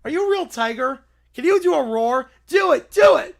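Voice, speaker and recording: A performer voicing a bratty, demanding young child who whines and shouts complaints. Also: sits high, expressive, normal speed, creaky, full character voice. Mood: whiny.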